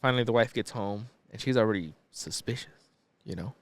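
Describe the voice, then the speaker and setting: A man's voice: fairly low pitch, a little fast, dry recording. A man co-hosting a podcast, casually retelling a movie plot in a laid-back, profane way with lots of fillers. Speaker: podcast co-host.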